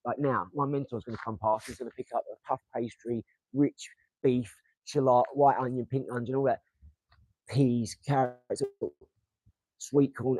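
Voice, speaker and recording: A young livestream host from England chats casually and motivationally with his viewers, rambling, swearing and throwing darts. His Essex English comes through a medium-pitched, darkish and slightly rough voice. The recording is low quality with no room sound.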